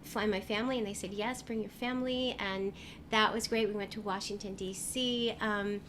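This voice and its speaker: Voice actress lady just chatting away, lots of um and uh, loud room noise. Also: medium pitch, fairly even intonation, normal speed. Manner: chatty, warm storytelling with many fillers. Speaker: voice actress guest. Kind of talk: casual interview chat. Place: convention venue.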